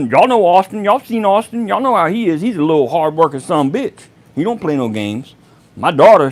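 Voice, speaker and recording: A middle-aged man, hosting a casual live chat. He swears freely and laughs loudly at his own jokes. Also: a little high. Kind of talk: casual livestream chat reading comments.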